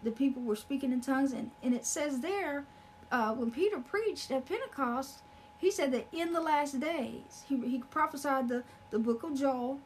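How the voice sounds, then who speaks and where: A woman's voice: high-pitched, normal speed, darkish tone, slight background noise. A woman preaching a sermon in an earnest way, repeating phrases for emphasis with many fillers.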